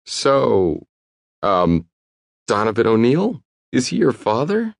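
A man's voice: low voice, big pitch swings, moderate pace, creaky, a bit bright, no room sound, studio quality, pitched above the performer's own voice, exaggerated voice. A man voicing a nervous, eager young male waiter in audiobook dialogue, raising his voice above his own. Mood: starstruck. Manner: hesitant, eager.

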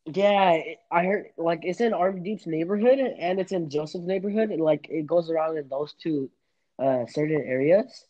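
A man's voice: on the high side, normal speed, warm tone, lo-fi sound. A young man hosting a casual podcast chat, rambling and laughing with many restarts. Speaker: podcast host.

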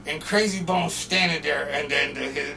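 A man from Portland, Oregon, telling a story as a podcast guest in an animated, profane way. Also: a little high, moderate pace, gravelly, recorded from a distance, very noisy. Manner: animated and profane, acting out quotes. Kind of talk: casual storytelling.

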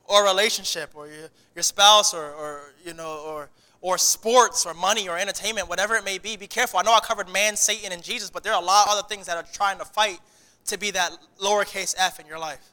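A man preaching a sermon in a church, animated and often restarting his sentences. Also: high-pitched, fast talker, smooth, long reverb tail. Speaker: pastor.

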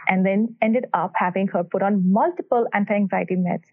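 A woman doctor speaks earnestly and with emphasis as she answers interview questions, her voice sitting at an ordinary middle pitch. The sound comes through thin and tinny, like a phone line. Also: steady tone, normal speed. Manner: earnest and emphatic, telling patient stories. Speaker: cardiac electrophysiologist guest.

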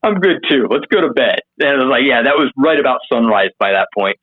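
A man telling a wild story as an interview guest, casual and profane, acting out what people said in a higher voice. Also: quick pace, phone-quality sound. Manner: animated, profane, acts out quotes in a higher voice.

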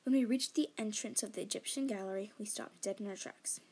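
A woman narrating a fantasy novel as a fan audiobook. Her reading is expressive and breathy, with a husky texture. She slips into whispers for tense moments. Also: mid-range voice, brisk. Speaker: audiobook reader.

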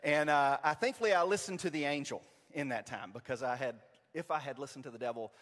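Pastor telling a story in a reverberant church. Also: male voice, mid-range voice, fast. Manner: storytelling, self-deprecating and animated. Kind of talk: sermon. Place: church sanctuary.

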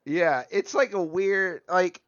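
A man's voice: high voice, takes it slowly, fairly bright tone, dry recording, dull audio. A man in his thirties in casual chat, rambling and laughing often. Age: 30s.

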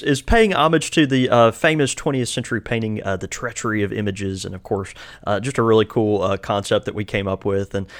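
A man from Mississippi, co-hosting a podcast in easygoing, teasing casual chat. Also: on the low side. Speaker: podcast co-host.

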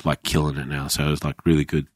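A man's voice: a bass voice, little pitch movement, fast talker, no room sound, studio quality. A man in his thirties, a former chef, telling blunt, sweary stories in casual podcast chat and acting out other people's lines. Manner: sweary storytelling, acts out quoted voices.

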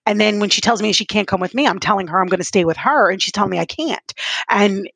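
Gravelly-voiced woman telling stories candidly. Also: mid-range voice, quick pace, fairly bright tone, no echo. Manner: candid, rambling storytelling with laughter; emotional, close to tears when recounting. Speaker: podcast co-host. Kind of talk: casual chat.

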